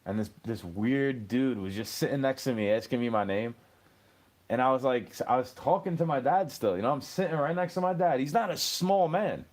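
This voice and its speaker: A man's voice: mid-range voice, lively intonation, moderate pace, darkish tone. A man in his thirties hosting a podcast, telling stories in a casual, rambling monologue. He swears freely and keeps laughing at his own jokes. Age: 30s. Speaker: podcast host.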